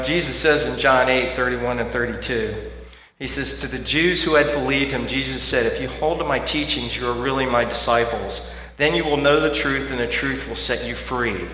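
Man preaching, bright forceful voice, chatty sermon delivery from hushed to loud, roomy church echo with a faint hum. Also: mid-range voice. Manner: conversational preaching, swings from quiet to loud. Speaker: pastor. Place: church sanctuary. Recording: echoey hall with faint hum.

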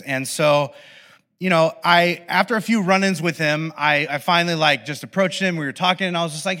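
Guy preaching, bright tone, animated and jokey. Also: a little high, fast. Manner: animated storytelling, playful acted asides. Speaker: pastor. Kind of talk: sermon. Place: church podcast recording.

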